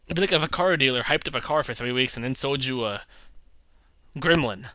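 A man in a casual opinion vlog, reviewing films with animated, exasperated ranting and putting on voices for others. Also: medium pitch, moderate pace, no room sound. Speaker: film reviewer.

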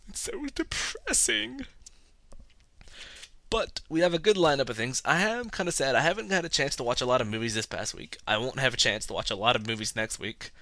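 A man's voice: medium pitch, bright, forceful tone, no room sound. A man from North Carolina hosting a movie podcast, rambling and joking at his own expense. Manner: self-mocking, joking, chatty. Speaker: podcast host and movie reviewer. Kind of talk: casual rambling monologue.

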